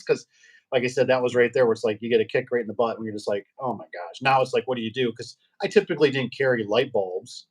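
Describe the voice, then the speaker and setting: A man's voice: mid-range voice, fast. Middle-aged man, casual guest on a trade chat show; rambling storyteller who acts out dialogue. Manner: rambling, animated anecdotes with acted-out quotes. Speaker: guest, garage door business owner.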